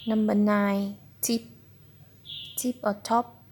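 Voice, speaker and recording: A woman slowly reading out a children's phonics book word by word, tutoring a child. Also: medium pitch, flat delivery, darkish tone, slight background noise. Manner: slow, deliberate word-by-word reading. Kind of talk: slow phonics read-aloud for a child.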